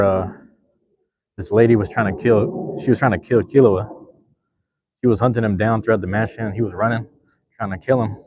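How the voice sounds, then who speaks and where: A young man hosts a live stream, chatting loosely with his viewers in a slangy, rambling way. His voice sits low, and the sound is dry and close. The stream audio is a little dull and lo-fi. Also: dry recording. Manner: laid-back, slangy, rambling. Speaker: livestream host. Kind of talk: casual live chat with viewers.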